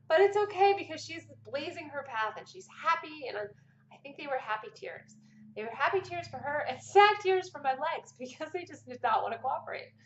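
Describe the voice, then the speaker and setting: A middle-aged woman vlogger with a high voice tells a personal story casually and animatedly, laughing now and then. Her voice rings in an echoey room, and the recording sounds a little dull.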